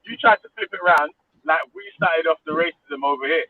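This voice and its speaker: A man hosting a casual chat, excitable and cutting in on the others. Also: fairly high pitch, a little fast. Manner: excitable, interrupting. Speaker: show host. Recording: tinny phone line.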